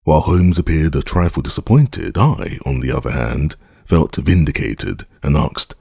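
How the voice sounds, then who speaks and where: Very deep, gravelly male narrator. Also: lively intonation, a little mellow, no room sound, studio quality. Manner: measured, formal storytelling. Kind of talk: scripted audiobook narration.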